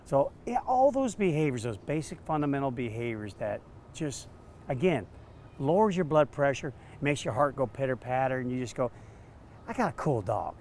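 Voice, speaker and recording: A man, a dog trainer, telling stories in an interview, animated and acting out quotes. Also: medium pitch, normal speed, a little hiss or hum. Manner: animated, acts out quotes with laughs. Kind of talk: storytelling interview answers.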